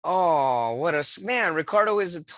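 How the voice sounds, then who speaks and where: A man's voice: fairly high pitch, lively intonation, moderate pace, a bit bright, no room sound. A man hosting a podcast interview, effusive and full of thanks to his guest. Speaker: podcast host.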